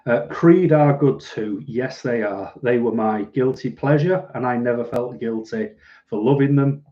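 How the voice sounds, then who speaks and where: A man from Manchester, England, with a Mancunian accent and a medium-pitched voice, hosts a casual livestream at an unhurried pace. He answers viewer comments in a dry, self-deprecating way, and the audio is dull.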